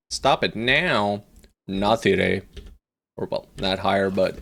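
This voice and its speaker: Guy streaming a strategy game, lowish voice, slow easy pace, jokey and swears a bit. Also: big pitch swings, gravelly, fairly bright tone. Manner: playful, talks to his units, swears casually. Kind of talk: live gameplay commentary.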